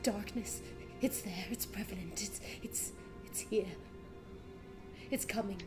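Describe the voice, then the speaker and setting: A woman's voice: mid-range voice, slow pace, over music, close to an everyday voice. A woman voicing a panicked old king who cries out warnings of coming darkness. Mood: muttering. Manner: frantic, crying out warnings of darkness. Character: panicked old male king, wild-eyed and doom-crying.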